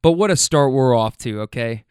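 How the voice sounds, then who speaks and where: A man's voice: medium pitch, moderate pace, darkish tone, clean tone, no room sound, clean studio sound. A man who drives for a rideshare service, telling stories from his rides in a casual, laid-back way, swearing freely and talking straight to the listener. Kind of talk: casual storytelling.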